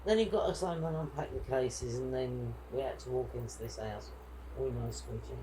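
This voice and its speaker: A woman's voice: rumbling low, normal speed, mellow, slight background noise, low-quality recording. A woman telling a travel story in a casual vlog chat, quoting people as she goes. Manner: chatty, indignant retelling with quoted dialogue. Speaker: vlogger.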